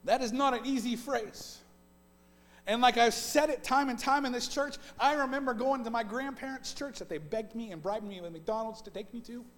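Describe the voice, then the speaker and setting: A male pastor preaching a conversational sermon, swinging between loud emphatic bursts and soft, hushed stretches, often piling up repeated phrases. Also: very high-pitched, normal speed. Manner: repetitive, list-like delivery. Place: church sanctuary. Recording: long reverb of a church hall.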